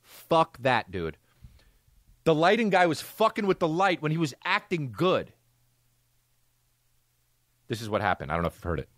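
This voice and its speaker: A man's voice: on the high side, very animated, moderate pace, pauses often, a bit bright, dry recording, studio quality. A man hosting a podcast, chatting in a loose, profane, jokey way. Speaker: podcast host. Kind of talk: casual podcast chat.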